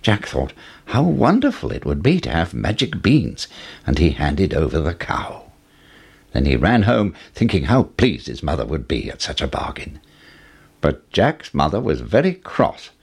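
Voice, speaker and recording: A man narrating a children's storybook at an unhurried pace, his voice lifting and falling with the action. The tone is low and husky, with plenty of pitch movement to keep the tale lively. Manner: expressive, rising with the action. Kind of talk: storybook read-aloud narration.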